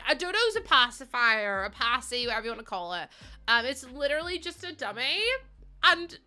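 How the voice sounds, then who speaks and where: A woman's voice: high-pitched, sing-song, a little fast, bright, forceful tone. A young woman from the UK or Ireland chatting casually with livestream viewers in a rambling, exasperated way, with frequent ums.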